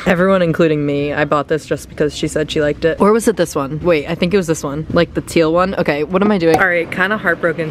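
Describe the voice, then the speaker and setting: A woman's voice: fairly low pitch, a little hiss or hum. A woman of twenty vlogging casually while shopping for skincare, bubbly, chatty and playfully dramatic, filmed on a handheld compact camera. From United States. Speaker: beauty vlogger. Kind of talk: casual vlog chat. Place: stores, car and home.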